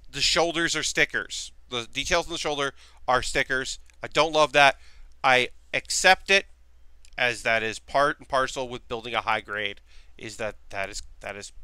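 Bright, crisp-voiced man rambling on stream. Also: mid-range voice, dry recording. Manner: rambling, thinks aloud with frequent restarts and fillers; drops to a quiet mutter while focused on handiwork. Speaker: live streamer. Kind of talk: casual live-stream chat while working with his hands.

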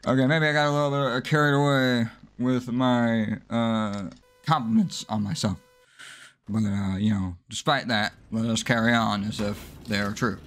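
A man commentating his own gameplay, swearing and mocking himself in exasperated rants, with sudden high yelps when frustrated. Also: fairly even intonation, moderate pace, a bit bright. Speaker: let's play gamer.

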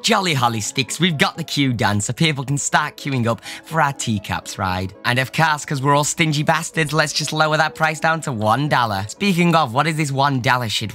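A man's voice: lowish voice, voice pushed down, close to an everyday voice. A man doing comedic game commentary in an exaggerated fake posh English accent, hamming it up as a pompous gent. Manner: hammy put-on posh British accent. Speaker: gaming YouTuber.

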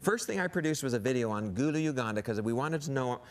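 A man's voice: medium pitch, expressive, fast. A man talking on a studio talk show as a guest missionary and TV producer, earnest and enthusiastic, with frequent restarts. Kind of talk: casual studio chat.

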